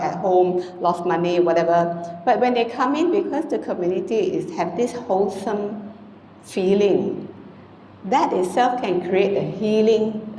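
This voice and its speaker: A Buddhist nun, giving an informal, conversational dhamma talk to a congregation, often adding "you know" and "ah". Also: female voice, medium pitch, a little hiss or hum. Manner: conversational and gentle, frequent "you know" and "ah" tags. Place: temple hall. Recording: echoey hall with long reverb, faint ambience.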